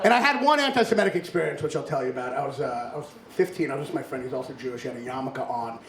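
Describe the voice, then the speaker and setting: A young man from Kentucky performing a stand-up set in a comedy club, animated and punching up his lines with loud exclaimed bursts. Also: medium pitch, very fast. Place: comedy club with laughing audience. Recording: roomy club with crowd laughter.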